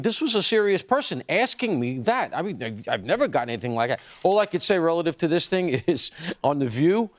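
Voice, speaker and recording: A man's voice: fairly high pitch, no room sound. Wry man hosting a news show. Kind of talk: television talk commentary.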